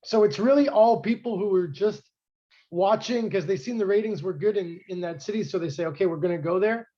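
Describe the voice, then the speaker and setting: High-voiced man in casual wrestling chat. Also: brisk, mellow. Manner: rambling, filler-heavy, knowledgeable about wrestling history. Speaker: podcast co-host. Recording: dull lo-fi sound.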